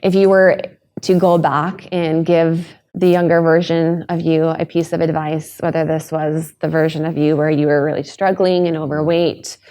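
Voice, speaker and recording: A woman's voice: sits low, level tone, normal speed, dark tone. A woman hosting a podcast, talking earnestly and emotionally about her own story, with hesitant restarts. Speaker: podcast host. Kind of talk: candid podcast conversation.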